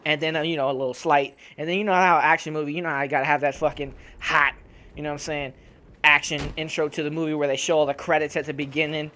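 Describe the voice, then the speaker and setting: A young man with a slightly high voice rants casually over gameplay as a YouTuber. He swears constantly and gets worked up, breaking into laughs as he talks into a home desktop mic. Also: fast, a little hiss or hum. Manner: profane, animated ranting with laughs. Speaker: gaming YouTuber.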